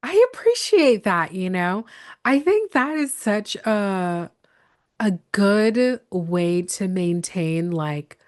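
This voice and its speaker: A woman's voice: mid-range voice, lively intonation, slow, a little mellow, no room sound, clean studio sound. A woman hosting a podcast interview, encouraging her guest with frequent backchannel murmurs. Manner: encouraging, many backchannel "mm-hmm"s. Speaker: podcast host. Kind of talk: casual interview talk.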